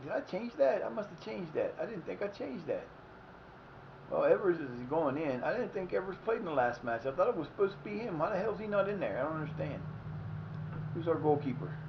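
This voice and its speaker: Man, gaming streamer, animated swearing, higher voice, slightly dull audio with faint hiss. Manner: swearing, exasperated, talks to himself. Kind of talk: live game commentary.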